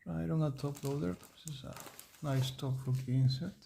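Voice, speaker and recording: Gravelly-voiced man streaming a card break. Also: a little high, steady tone, moderate pace, warm tone, a little hiss or hum. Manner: chatty, rambling, reading off player names.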